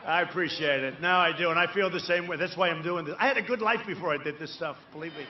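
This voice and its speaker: A man's voice: fairly high pitch, quick pace, muffled recording, slight background noise. A man giving a campaign rally speech to a crowd, rambling and boastful, with repeated asides, tag questions and sudden emphatic bursts. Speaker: political candidate addressing a rally crowd.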